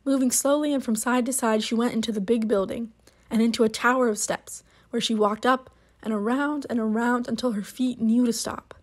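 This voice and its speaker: A woman reads a short story aloud, measured and unhurried. Her voice sits a little higher than most. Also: fairly even intonation. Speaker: narrator.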